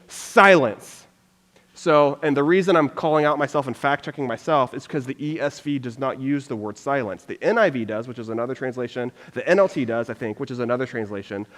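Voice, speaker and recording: A man's voice: medium pitch, long reverb tail. A man giving a casual, chatty sermon as pastor, acting out people's reactions and filling his talk with "like". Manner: chatty, lots of "like", acts out reactions.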